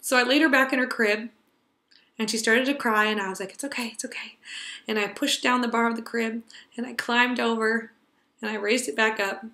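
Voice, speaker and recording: Young woman w a bright clear voice telling a personal story, earnest n tender, goes quiet sometimes. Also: fairly high pitch, fairly even intonation, normal speed, reverberant. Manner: earnest, tender, drops to a hush for quiet moments. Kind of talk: personal story told to a class.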